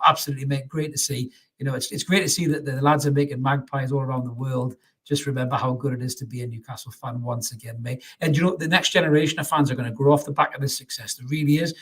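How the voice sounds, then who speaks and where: A husky-voiced man runs a live fan stream, talking quickly through viewer comments. He chats casually, calls everyone mate and often restarts his sentences. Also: mid-range voice, steady tone. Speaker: fan channel host.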